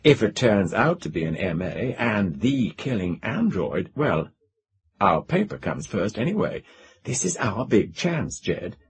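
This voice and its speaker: An eager young woman student, quick and pressing, her lines lifted slightly over a low male voice, as a man reading the story gives her voice. The delivery stays lively and animated.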